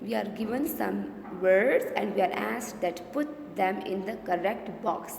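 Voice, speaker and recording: A woman teacher with a Pakistani English accent leads a revision lesson, repeating key words slowly and pausing to check that everyone follows. Her voice has a gravelly edge. The recording is roomy, with a long reverb tail and faint background noise. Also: mid-range voice, darkish tone. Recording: echoey room with long reverb.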